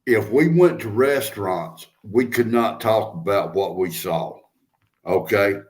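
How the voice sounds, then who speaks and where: A man's voice: on the low side, unhurried, a little mellow. An older man chatting casually as a host, telling stories in a folksy, drawling way. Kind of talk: casual chat.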